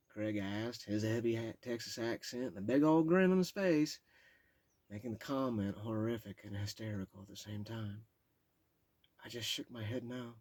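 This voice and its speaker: A husky, low-pitched man reads aloud from his own memoir. His delivery is blunt and profane, and he stumbles and breaks off when the memories get to him. The recording is close and dry. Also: animated, a little mellow, dry recording. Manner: raw, profane, halting when overcome. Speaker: memoir author reading aloud. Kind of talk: reading his memoir aloud with emotional asides.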